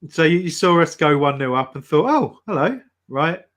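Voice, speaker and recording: A man's voice: on the high side, big pitch swings, moderate pace, fairly bright tone. A man co-hosting a football watch-along, wry and teasing. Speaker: co-host. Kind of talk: casual watch-along chat.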